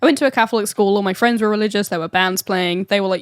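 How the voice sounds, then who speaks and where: Woman cohosting a podcast, laughs a lot and swears, mid-pitched voice, dry close sound. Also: fast, clean tone, no room sound. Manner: laughing, swears freely while telling stories. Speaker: podcast co-host. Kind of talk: casual chat.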